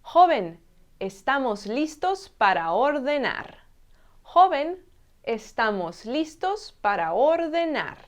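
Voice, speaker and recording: A woman teaching a language lesson, saying each travel phrase slowly and clearly and repeating it. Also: high voice, very animated. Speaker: Spanish teacher.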